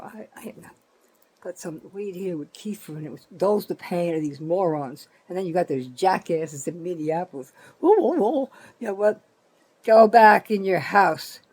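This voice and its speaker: A woman's voice: lowish voice, mellow, slightly rough, poor audio. An older woman, rambling through a profane, indignant complaint vlog full of restarts. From New Jersey, USA. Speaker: vlogger.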